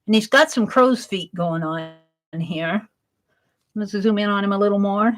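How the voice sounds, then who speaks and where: A woman's voice: medium pitch, normal speed, low-quality recording. A woman chatting on a live art stream, talking through her sketch and reading viewers' comments aloud. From Wisconsin. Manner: chatty, reads chat aloud while sketching.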